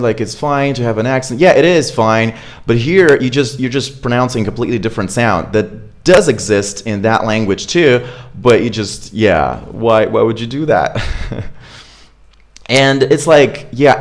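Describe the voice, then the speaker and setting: A man giving a live pronunciation lesson, demonstrating sounds slowly and repeating words, checking in with "right?". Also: on the low side. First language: Russian. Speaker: accent coach.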